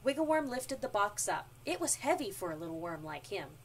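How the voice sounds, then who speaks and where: Woman narrating a picture book; animated and expressive; distant mic, faint noise. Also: mid-range voice, a little fast. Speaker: storyteller. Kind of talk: children's storybook reading.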